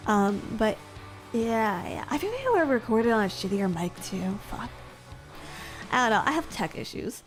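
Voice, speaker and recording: Young woman, high voice, bubbly chatty streamer, faint music behind. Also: animated, moderate pace. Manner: bubbly, playful, chatty with viewers. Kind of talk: casual stream outro chat.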